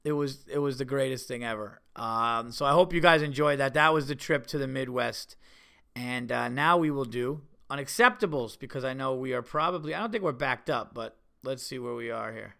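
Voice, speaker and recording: Podcast guy from new york rambling through a story, gravelly but smooth, does little voices for people. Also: mid-range voice, moderate pace. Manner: animated, acts out voices in quotes. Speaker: podcast host. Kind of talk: casual storytelling.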